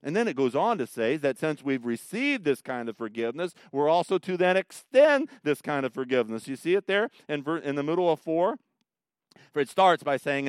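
A middle-aged male pastor delivers a conversational sermon in a slightly high, smooth voice, lurching from loud, emphatic bursts to soft, quiet asides. The recording is dry and clean, with studio quality.

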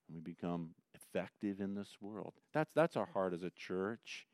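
A middle-aged male pastor preaching a sermon and reading scripture, swinging between hushed repetition and loud, emphatic points. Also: deep voice, normal speed, few pauses, dry recording. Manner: repeats phrases for emphasis.

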